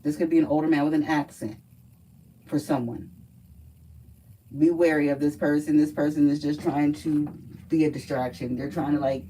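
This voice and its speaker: A woman with a low, mellow voice does a relaxed live card reading, blunt and quick to curse as she talks. She sits a bit back from the mic, with a faint hum of room noise behind her. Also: distant mic, low-quality recording. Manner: blunt, profane, chatty. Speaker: livestream card reader.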